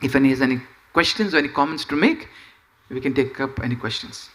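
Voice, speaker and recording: A man giving a scripture class, telling the story in an animated way and often saying "you know". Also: medium pitch, fast, a little hiss or hum. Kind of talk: sermon storytelling.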